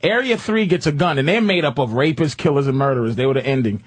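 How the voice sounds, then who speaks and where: Husky-voiced man telling a rambling story. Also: medium pitch, quick pace. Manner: rambling animated storytelling, heavy swearing. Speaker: podcast co-host. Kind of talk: casual profane chat.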